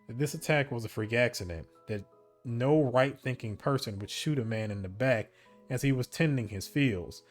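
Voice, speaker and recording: Reading the narration of an interactive story game at normal speed, a man streaming the game keeps a steady storybook delivery but stops for casual comments on his choices and laughs when he slips. His voice is mid-range, with faint music behind it.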